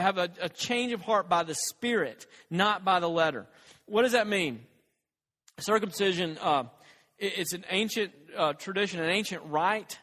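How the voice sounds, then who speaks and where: Male pastor, higher-pitched, preaching in a loose, conversational way, recorded in a big echoing hall. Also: fairly bright tone. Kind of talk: sermon.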